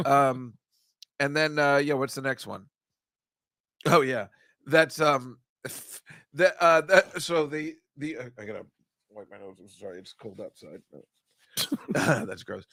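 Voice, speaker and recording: Male podcast host, bright tone, animated rambling storyteller, dry close mic. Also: mid-range voice, slow, pauses often, no room sound. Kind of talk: casual chat.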